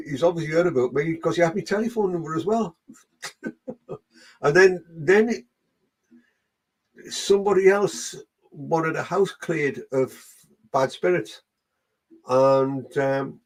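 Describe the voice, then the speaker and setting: A man with a Geordie accent, working as a medium and chatting through a live online reading session while greeting viewers by name. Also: fairly high pitch.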